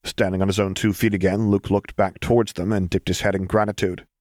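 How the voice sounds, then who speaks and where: A man narrating a story in a steady, gentle audiobook reading. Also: low voice, brisk, dry recording, studio quality.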